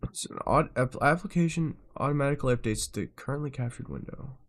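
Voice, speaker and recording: A man's voice: mid-range voice, fast talker. A man live streaming, frustrated as he fixes his setup, swearing and muttering to himself.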